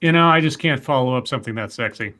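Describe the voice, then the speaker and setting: A man's voice: mid-range voice, fast talker, pushed and bright. A man co-hosting a podcast, reading news stories aloud with wry asides. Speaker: podcast co-host. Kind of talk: casual news banter and reading.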